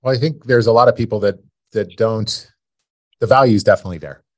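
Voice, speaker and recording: A man's voice: on the low side, a little fast, no room sound, clean studio sound. A man hosting a podcast, talking with his guest in a casual, encouraging way. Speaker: podcast host. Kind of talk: casual interview chat.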